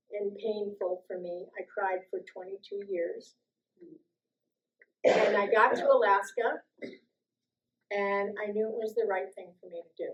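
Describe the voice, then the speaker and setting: An older woman from the US East Coast telling personal stories to an audience, lively and quick to act out other voices. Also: medium pitch, highs cut off. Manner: lively, acts out quoted voices, laughs often. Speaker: guest speaker sharing life stories. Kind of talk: personal storytelling talk.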